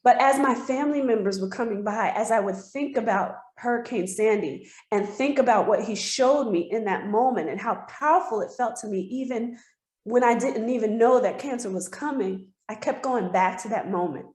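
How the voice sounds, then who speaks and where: A woman's voice: a little high, normal speed, darkish tone. A woman giving a heartfelt personal testimony as an interview guest, telling her story earnestly. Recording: roomy echo.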